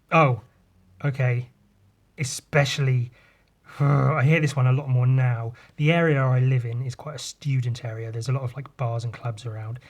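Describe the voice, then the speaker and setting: A man's voice: medium pitch, a little mellow. A man hosting a podcast by himself, chatting casually in a rambling, sweary way with frequent restarts. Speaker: podcast host. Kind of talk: casual solo podcast chat.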